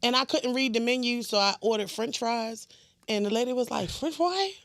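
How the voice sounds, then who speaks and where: A woman with a fairly high voice chats as a guest on a podcast. She tells stories playfully and acts out the other people's voices. The recording is dry and close. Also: steady tone, brisk, a bit bright, no room sound. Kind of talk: casual chat.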